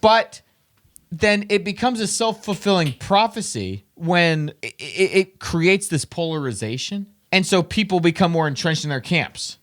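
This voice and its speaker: Male podcast co-host from Tennessee, lively rambling delivery, a bit high-voiced. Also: measured pace. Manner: animated, rambling with restarts. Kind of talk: casual chat.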